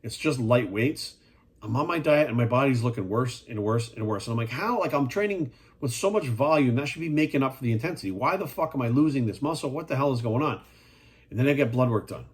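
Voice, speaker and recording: Husky-voiced blunt male fitness coach. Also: mid-range voice, animated, fast talker. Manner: blunt, profane and emphatic; rhetorical questions to the viewer. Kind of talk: casual monologue.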